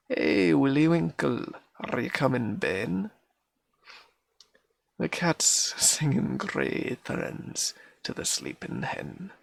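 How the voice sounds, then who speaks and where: A man putting on a broad Scots accent to recite a dialect poem in a loud, sing-song way. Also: medium pitch, gravelly, voice pushed up, full character voice. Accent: put-on Scots.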